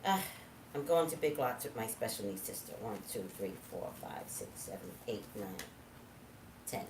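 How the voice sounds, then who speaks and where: A woman telling a story in casual monologue, animated, swinging from low asides to loud outbursts. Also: normal speed, distant mic, noisy background. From California. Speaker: psychic vlogger. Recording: echoey room, voice from off-mic.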